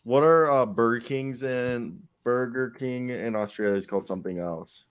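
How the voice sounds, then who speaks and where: A man's voice: medium pitch, normal speed, clear, resonant tone, no room sound. Crude joking young man. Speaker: podcast co-host. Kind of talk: casual podcast banter.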